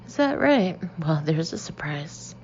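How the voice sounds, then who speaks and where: A woman's voice: lowish voice, fairly even intonation, takes it slowly, creaky, warm tone, muffled recording, a little hiss or hum. A woman doing a cold, suspicious, snide mother. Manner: curt, pointed, aggressive.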